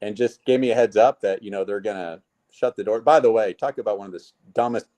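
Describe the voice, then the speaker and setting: A man's voice: lowish voice, fast. A man in a casual interview, telling stories from his business life and acting out what people said to him. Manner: animated storyteller, acts out quotes. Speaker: guest, network marketing leader.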